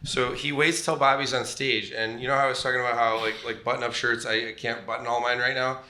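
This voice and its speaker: A man's voice: mid-range voice, quick pace, roomy sound. A man telling a long, rambling comedy story in casual chat, laughing often and acting out other people's lines. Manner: rambling, animated, laughing often, acts out quoted voices.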